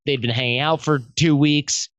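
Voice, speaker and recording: Animated slangy man on a podcast. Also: a little high, normal speed, no echo, muffled recording. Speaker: podcast guest, self-development coach. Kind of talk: casual conversational interview.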